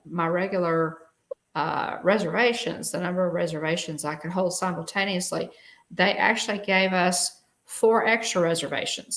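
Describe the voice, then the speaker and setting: A woman's voice: lowish voice, creaky, fairly bright tone. A middle-aged woman, co-hosting a casual live stream and rambling with many fillers and restarts. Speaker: show co-host.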